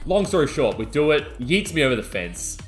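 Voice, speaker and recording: A young adult man, co-hosting a podcast and telling a wild story in excitable casual chat. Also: medium pitch, brisk, soft background music. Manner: animated, excitable storytelling, yelling out quoted lines. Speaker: podcast co-host.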